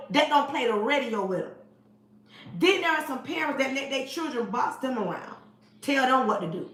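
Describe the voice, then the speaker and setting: A woman's voice: high voice, a bit bright. A woman in her forties giving an emphatic, preachy livestream monologue, talking straight to her viewers. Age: 40s. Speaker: livestream host. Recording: roomy echo.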